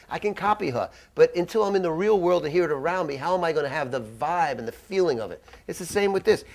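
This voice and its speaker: Animated man teaching a jazz masterclass. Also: high-pitched. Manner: animated, conversational, quips and acted asides. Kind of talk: masterclass lecture. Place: dry room with little reverb.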